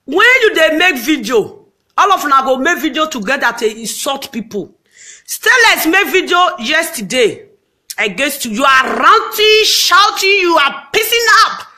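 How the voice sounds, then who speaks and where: Nigerian woman, high-pitched, hosting a dramatic scolding live-video rant. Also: very animated, normal speed. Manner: loud, scolding, dramatic outbursts. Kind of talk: ranting live video monologue.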